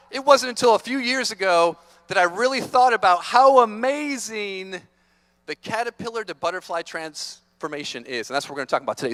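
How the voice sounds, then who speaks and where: A man giving an energetic, playful motivational talk to students, teasing the audience, on a stage microphone in a large conference hall. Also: sits high. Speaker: motivational speaker.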